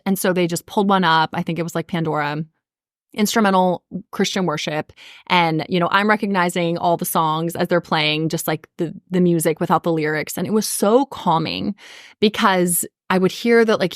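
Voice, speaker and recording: An earnest woman in her thirties tells a heartfelt personal story, with a slightly low voice and lots of casual fillers. She is recorded on a close, dry mic with no room sound. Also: no room sound. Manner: earnest, emotional, many fillers like "like" and "you know". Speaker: podcast host.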